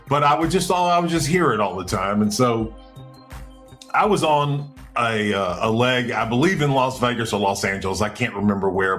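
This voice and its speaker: 陽気に話を語る男性ポッドキャストホスト、背景にかすかな音楽. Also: male voice. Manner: animated, acts out quotes with big pitch jumps. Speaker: podcast host. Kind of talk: casual storytelling.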